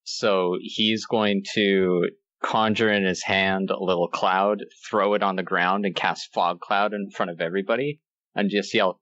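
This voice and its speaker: A very deep-voiced man talks through his move in a tabletop game, hesitant and thinking out loud. The sound is dry and dull, like a lo-fi home recording. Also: steady tone, unhurried, dry recording. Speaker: player. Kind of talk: casual tabletop play.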